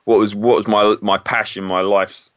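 A man speaks in a fairly low voice in a relaxed interview. He is candid and often halting as he corrects himself mid-sentence. The sound is dry and close. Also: no room sound. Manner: candid, hesitant, self-correcting. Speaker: guest, former PE teacher. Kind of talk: casual interview.

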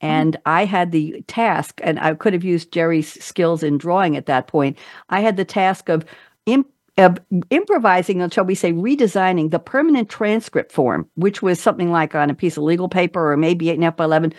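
A woman hosting a talk show, chatting playfully with guests and making quick asides. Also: fairly low pitch, a little mellow, no room sound, clean studio sound. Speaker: podcast host. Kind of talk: casual interview talk show.

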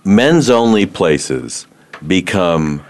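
Sports talk co-host, male, casual banter, lively swings in pitch. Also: extremely slow. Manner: lively, animated storyteller.

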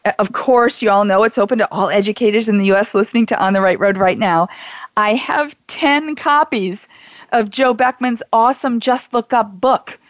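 A woman's voice: medium pitch, normal speed, no room sound. Bubbly woman radio host, dry slightly muffled studio sound, gushing about giveaways. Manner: effusive and enthusiastic. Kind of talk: radio talk show hosting.

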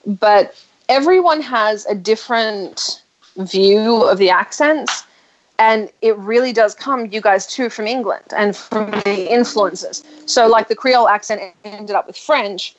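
A woman's voice: mid-range voice, a little slow. An Australian woman in casual chat, opinionated and talkative, laughing often. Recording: dull lo-fi sound.

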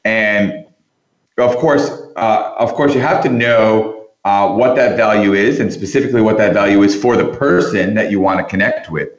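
A man who is a podcast guest, telling a long story with lots of restarts and animated turns. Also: fairly low pitch, normal speed, echoey room, dull audio. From New York area. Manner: animated anecdote-teller with frequent restarts. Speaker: interview guest.

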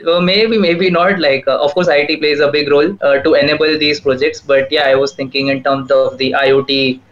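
A man's voice: fairly high pitch, fairly even intonation, brisk, a bit bright, dull audio. A man speaking as a panel guest in a casual online discussion, hesitant with fillers.

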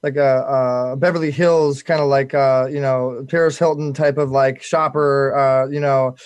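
A man hosting a casual talk show, excitable and quick, stumbling over repeated words as he starts sentences. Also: mid-range voice, smooth, dry recording. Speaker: host.

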